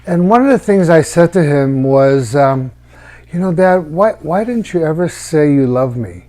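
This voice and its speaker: A middle-aged man telling a personal story in a halting, reflective way, with frequent restarts. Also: a little high, animated, dark tone.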